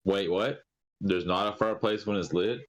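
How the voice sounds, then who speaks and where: A man's voice: fairly low pitch, normal speed. A man playing a tabletop role-playing game, asking bemused questions. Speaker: player.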